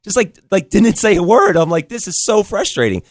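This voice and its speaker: A man co-hosts a radio talk show, and he tells his story quickly and with plenty of frustration. His voice sits a little high. The studio sound is dry and close. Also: sing-song, no echo. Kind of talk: casual talk show chat.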